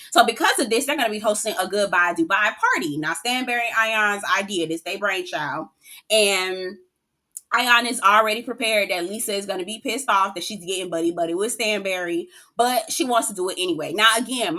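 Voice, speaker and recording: Sassy, bright-voiced woman recapping TV. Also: fairly high pitch. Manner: sassy, profane, keeps saying "girl"; animated, laughs often. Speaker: reality TV recap host. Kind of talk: casual recap commentary.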